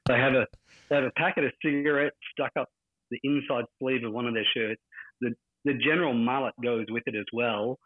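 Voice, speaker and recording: A man's voice: mid-range voice, fairly even intonation, brisk. A man from Australia with an Australian accent, calling in to a live show and chatting casually in a blunt, crude, joking way. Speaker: caller. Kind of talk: casual chat. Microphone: remote call-in line. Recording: tinny phone-like call line.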